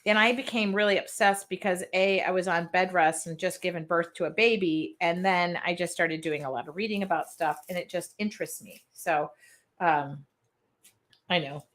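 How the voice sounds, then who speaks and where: A woman's voice: fairly low pitch, steady tone, moderate pace, fairly bright tone. A woman with a drawl talks her way through a live craft session. Her chat wanders from topic to topic as she cuts and paints, and she reads her viewers' comments aloud. She laughs easily and keeps it all casual. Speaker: art journaling host. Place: home art studio with air conditioning running.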